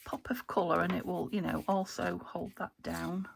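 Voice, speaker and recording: A British woman crafting a journal, talking to herself as she works and often trailing into soft half-whispers. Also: fairly low pitch, steady tone, moderate pace, gravelly, a little hiss or hum. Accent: British English. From United Kingdom. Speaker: craft channel host. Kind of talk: casual crafting commentary.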